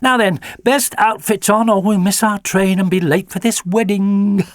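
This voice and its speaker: A motherly woman keeping her tone bright and encouraging, as a man puts her on. The voice sits higher than a plain speaking tone, brisk and homely. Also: steady tone, dry recording, studio quality, lightly acted. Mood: cheerful.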